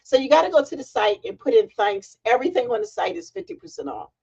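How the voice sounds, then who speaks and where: A middle-aged woman chats on a livestream from her home, bubbly and excitable. Her pitch swoops up and down, with a gravelly fry underneath. The audio sounds dull and lo-fi. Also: fast. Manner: chatty, excitable, greets viewers in chat. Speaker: livestream host. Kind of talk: casual livestream chat. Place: home, sitting on a heating pad.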